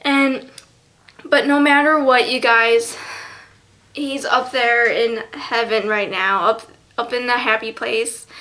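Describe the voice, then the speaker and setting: A teenage girl vlogging a tribute to a lost friend, halting and close to tears, with many fillers. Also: a little high. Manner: halting, soft, full of fillers. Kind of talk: tearful memorial vlog.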